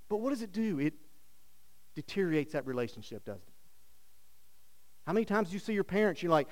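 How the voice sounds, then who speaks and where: A middle-aged man preaching a sermon, telling stories with rhetorical questions and swinging from loud bursts to hushed lines. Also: sits high, sing-song, a little fast, pauses often. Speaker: pastor.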